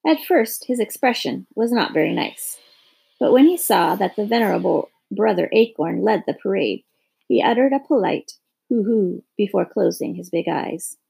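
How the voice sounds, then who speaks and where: Gravelly, mellow woman reading a storybook. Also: mid-range voice, animated, normal speed. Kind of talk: scripted storybook narration.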